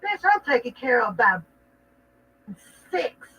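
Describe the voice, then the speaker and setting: A woman's voice: fairly high pitch, very animated, takes it slowly, pushed and bright, far from the mic, slight background noise. A woman hosting a livestream, ranting casually in a mocking, rambling and profane way. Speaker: livestream host. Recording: dull lo-fi sound from off-mic.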